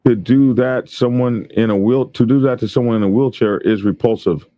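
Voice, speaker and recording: A man's voice: mid-range voice, moderate pace, no room sound, highs cut off. A male show host, reading news stories aloud and riffing on them with frequent laughter. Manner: laughs often, reads news aloud and riffs on it. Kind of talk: casual news commentary.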